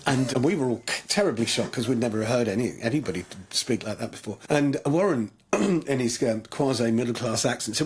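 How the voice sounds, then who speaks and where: Husky-voiced English man telling stories. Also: medium pitch, lively intonation, a little fast, hardly any pauses. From England. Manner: rambling storyteller with many restarts. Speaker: guest musician. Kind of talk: anecdotal interview chat.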